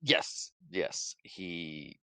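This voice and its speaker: A man's voice: low voice, lively intonation, drawn-out words, creaky, sharp tone, clean tone, dry recording. A man co-hosting a movie podcast who laughs often and playfully disagrees. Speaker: podcast co-host. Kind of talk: casual movie chat.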